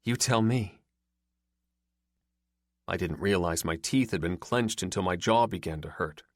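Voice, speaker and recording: A man reading a romance audiobook in first person, steady and measured. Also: deep voice, no room sound, clean studio sound. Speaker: audiobook narrator. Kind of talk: first-person scripted narration.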